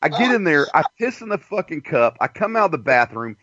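A man's voice: on the high side, sing-song, fairly quick, a bit bright, husky, dry recording. A man telling a long story in casual chat, rambling and profane. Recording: dull dry lo-fi recording.

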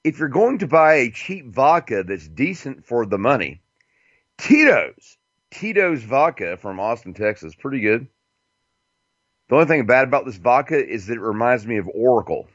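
A man's voice: medium pitch, very animated, normal speed, no room sound, dull audio. A man hosting a casual internet radio show, rambling and profane, with frequent fillers and chuckles.

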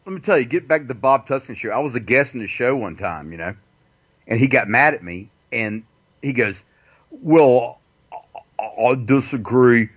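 A man appearing as a guest on a casual talk show, animated and profane, with a mocking edge. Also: medium pitch, brisk, slightly rough, dull audio.

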